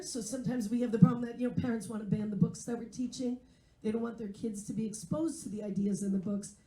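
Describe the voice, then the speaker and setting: A woman's voice: sits high, warm tone, reverberant. A woman in her forties performing a stand-up comedy set, wry and self-mocking as she chats with the crowd. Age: 40s. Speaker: stand-up comedian and English teacher. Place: live comedy venue.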